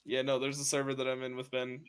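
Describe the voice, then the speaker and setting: A man's voice: medium pitch, completely flat delivery, fast. A man co-hosting a casual gaming podcast, teasing his friends in a dry way. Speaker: podcast co-host.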